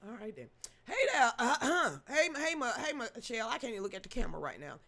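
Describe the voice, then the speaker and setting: Bright-voiced woman hosting an emotional livestream. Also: fairly high pitch, big pitch swings, quick pace, vocal fry. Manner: emotional, profane, greets chat viewers by name; stammering repetitions. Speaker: livestream news host. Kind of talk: live streamed commentary.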